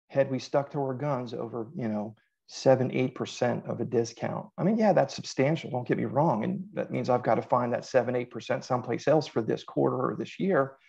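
A middle-aged man talking casually as a podcast guest, telling animated stories and quoting himself. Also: mid-range voice, gravelly, breathy edge, dull audio. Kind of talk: casual interview chat.

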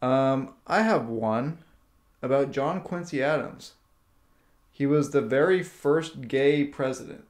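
A man's voice: mid-range voice, slow pace, reverberant. A man co-hosting a podcast, playful and teasing, reeling off stats and jokes in casual chat. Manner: playful, teasing, speeds up when excited. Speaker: podcast co-host.

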